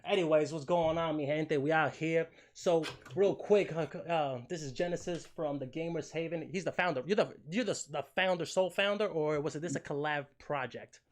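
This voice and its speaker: A man's voice: fairly high pitch, moderate pace, hardly any pauses. Joking, foul-mouthed young male host. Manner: animated, joking, swears a lot, fillers like "you know what I'm saying". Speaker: podcast host. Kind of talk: casual chat.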